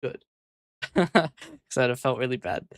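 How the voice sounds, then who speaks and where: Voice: mid-range voice, sing-song, slow pace, no echo, studio quality. A VTuber streamer chatting casually on a live stream, rambling and hesitant, often muttering to themself.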